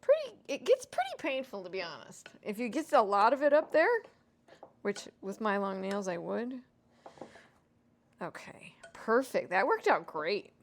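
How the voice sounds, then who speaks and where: A woman's voice: mid-range voice, big pitch swings, normal speed, slight background noise. A woman hosting a home cooking vlog, chatting casually and self-deprecatingly to viewers as she cooks. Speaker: home cooking show host.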